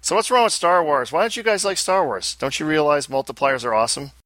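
A man co-hosting a podcast, chatting casually with quick, joking reactions. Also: a little high, big pitch swings, fairly bright tone, no room sound. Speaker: podcast co-host. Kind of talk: casual chat.

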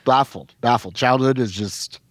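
A man guest on a podcast who tells stories in an animated, digressive way with plenty of filler. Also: mid-range voice, normal speed, dry recording, studio quality. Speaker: guest, rum company manager. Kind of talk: casual podcast chat.

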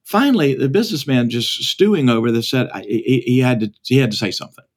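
A man's voice: mid-range voice, very animated, fast talker. A man, a pastor and author, telling a story earnestly and acting out its voices as a podcast guest. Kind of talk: storytelling talk.

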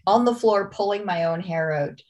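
A middle-aged woman chatting casually, telling animated stories and acting out what people said. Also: mid-range voice, normal speed. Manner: animated storyteller, acts out voices. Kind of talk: casual chat.

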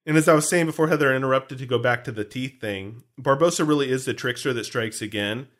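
A man co-hosting a casual movie breakdown podcast, animated and playfully swearing. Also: mid-range voice, quick pace. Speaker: podcast co-host.

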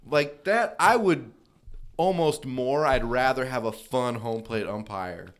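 A man at a bar co-hosting a comedy sports podcast, his voice sitting in an ordinary middle pitch. He trades quick opinions and lists teams in a loose, joking way. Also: lively intonation. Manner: rattles off opinions and team lists. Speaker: podcast co-host. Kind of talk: casual sports banter.

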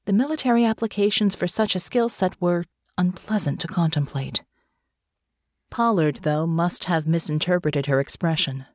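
A woman reads a fantasy story in a steady, measured manner. Her voice sits low. The sound is dry and close, with no room in it. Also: no room sound. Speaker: audiobook narrator. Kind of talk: scripted fantasy narration.

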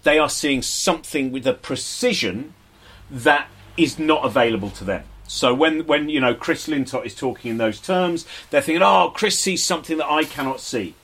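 A comedian talking live on stage to a bookshop audience, rambling and self-deprecating, with quick asides and exaggerated voices for the people he quotes. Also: medium pitch, a bit bright, breathy edge. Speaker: comedian and broadcaster, guest.

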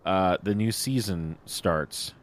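A young man hosting a podcast in casual chat, relaxed and hesitant with fillers. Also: deep voice, takes it slowly, dry recording. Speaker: podcast host.

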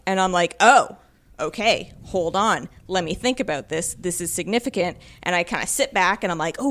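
A woman co-hosting a casual podcast, telling an animated story with laughs and acted-out quotes. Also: fairly low pitch. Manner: lively, laughing, acts out quotes. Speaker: podcast co-host.

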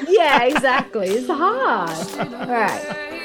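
A woman's voice: on the high side, expressive, moderate pace. Giggly woman, music behind. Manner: giggly, self-deprecating, swears casually. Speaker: podcast co-host. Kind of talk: casual chat.

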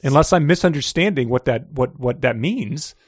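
A man co-hosts a casual book talk, joking and building to mock outrage. His voice is mid-pitched and lively. The recording is close and dry. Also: moderate pace, dry recording. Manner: animated, jokey, rising to mock outrage. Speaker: podcast co-host.

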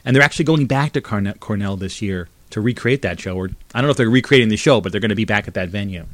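A man's voice: fairly low pitch, quick pace, a bit bright, dry recording. A man in his fifties from New Jersey, hosting a solo podcast and talking in a chatty, digressive, nostalgic way into a condenser mic. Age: 50s. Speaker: podcast host. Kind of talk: rambling solo monologue. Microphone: condenser mic through a mixer.

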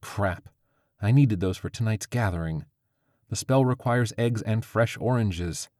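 A man voicing a frustrated young woman witch, with a high, squeaky, exasperated delivery. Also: measured pace, darkish tone, no echo, clean studio sound, natural voice. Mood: dismayed.

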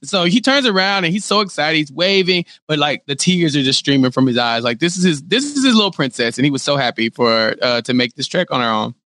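A man's voice: fairly high pitch, animated, a little fast, hardly any pauses, pushed and bright, no echo, studio quality. A man co-hosting a casual chat, animatedly retelling a show and acting out quotes in playful voices. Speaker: podcast co-host.

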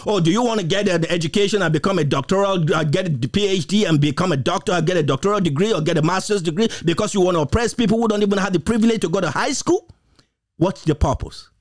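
High-pitched and fast, a preacher elongates important words in his sermon. He rapidly throws out repetitive, emphatic rhetorical questions, laughing from time to time.

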